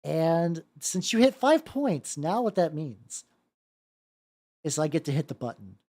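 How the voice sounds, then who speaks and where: Painting miniatures on a live stream, a woman chats casually in a low, measured voice. She gets excitable, swears freely, and often repeats her words.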